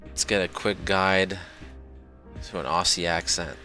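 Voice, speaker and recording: A man's voice: low voice, fairly even intonation, measured pace, sharp tone, soft background music. A man streaming a game, chatting casually and self-deprecatingly while reading dialogue aloud.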